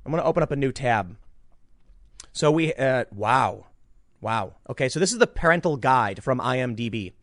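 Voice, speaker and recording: A man's voice: medium pitch, moderate pace, dry recording, clean studio sound. A man giving casual online commentary, talking emphatically with frequent restarts. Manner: animated, emphatic, ranting with repeated restarts.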